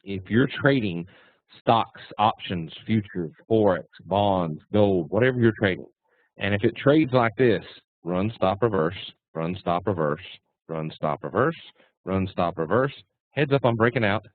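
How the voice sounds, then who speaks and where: A man's voice: sits low, measured pace, no room sound. A man teaching trading in a casual webinar, folksy and blunt with punchy phrasing. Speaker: trading instructor. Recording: tinny phone-like dry line.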